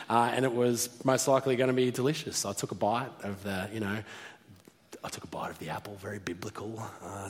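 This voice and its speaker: Man, lowish voice, playful live storyteller, hall reverb. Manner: animated, self-mocking, laughs often. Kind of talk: live storytelling talk to an audience.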